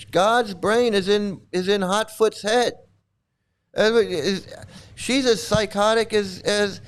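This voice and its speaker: A man's voice: sits high, clear, resonant tone. A man hosting a live commentary stream, mocking and sarcastic as he reacts to chat comments, rambling with frequent restarts. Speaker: channel host.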